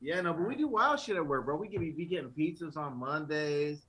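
A man guest on a rowdy podcast, brash and profane, cracking jokes about coworkers. His voice is bright and forceful and sits a bit above middle pitch. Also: expressive, brisk, rough recording. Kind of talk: casual crude chat.

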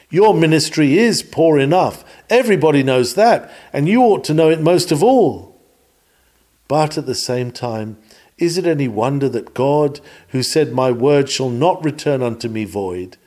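A man's voice: medium pitch, a little mellow. A man reading an old-fashioned sermon text aloud, earnest and emphatic, his voice rising on rhetorical questions.

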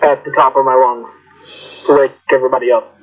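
A man's voice: medium pitch, little pitch movement, fairly quick. A man playing a tabletop game over voice chat, eagerly describing his character's actions and asking about the rules. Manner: eager, asks rules questions casually. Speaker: player. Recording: muffled voice chat audio.

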